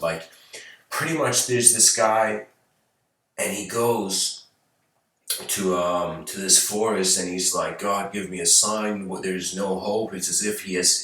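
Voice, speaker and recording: Male host telling a story as a rambling lecture, low voice, bright tone. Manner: rambling, hesitant, many fillers and restarts. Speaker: channel host giving a talk. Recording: very echoey room, far from mic.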